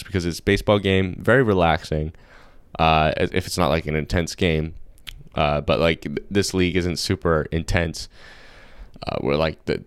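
A man's voice: sits low, steady tone, moderate pace, clean tone, dry recording. A young man hosting a podcast, chatting casually and rambling with lots of slang and fillers. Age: young adult. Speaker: podcast host. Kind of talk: casual solo podcast chat.

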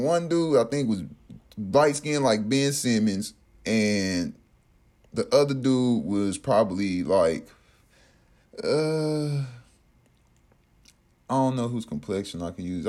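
A man casually telling a personal story in an animated, profane way, acting out what others said. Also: lowish voice, measured pace. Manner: animated, profane, acts out quotes.

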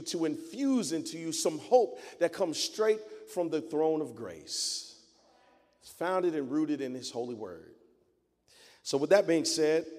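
A man's voice: on the high side, darkish tone. A male pastor delivering a dramatic sermon, emphatic and repeating phrases for effect. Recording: long hall reverb.

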